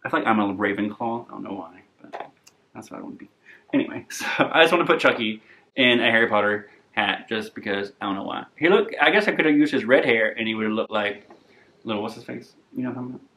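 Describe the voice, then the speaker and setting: A man's voice: fairly low pitch, expressive, fast talker, sharp tone. A young man vlogging in a chatty, rambling, self-deprecating way. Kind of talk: casual rambling vlog.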